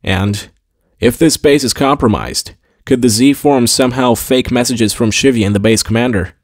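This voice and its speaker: A man's voice: medium pitch, normal speed, dry recording, studio quality, lightly acted. A man voicing a blunt, impatient male admiral in an audiobook, curt and brooding. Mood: terse. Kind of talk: audiobook character voice.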